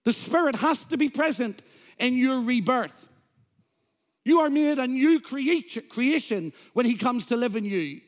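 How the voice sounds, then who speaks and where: A man with a notably high voice preaches a sermon from the pulpit. He delivers it emphatically, quoting scripture and throwing in humor for the congregation. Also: expressive, unhurried. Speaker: pastor. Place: church.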